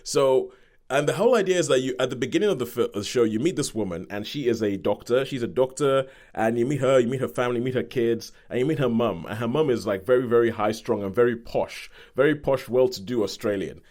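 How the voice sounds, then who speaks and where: A man's voice: medium pitch, fast talker, a little mellow. A man hosting a podcast, chatting casually and rambling through a review, correcting himself as he goes. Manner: rambling, self-correcting, acts out quoted voices. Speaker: podcast host.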